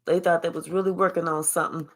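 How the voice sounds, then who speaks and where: A woman's voice: fairly low pitch, little pitch movement, fast talker. A woman giving a spiritual reading as a blunt, sassy storytelling monologue full of slang. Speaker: spiritual reader.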